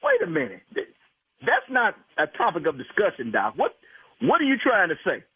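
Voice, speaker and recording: An indignant, protective husband who fires the caller's words back at him. His high voice swings widely and sounds husky. It reaches the listener over a tinny phone line. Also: wildly swooping pitch, normal speed, no room sound. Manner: indignant, protective, repeats phrases back angrily. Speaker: prank call victim.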